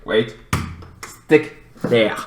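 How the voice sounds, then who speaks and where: A man casually reviewing TV episodes alone, rambling with many fillers and breaking into shrill, shouted impressions of the characters. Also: drawn-out words, slight background noise.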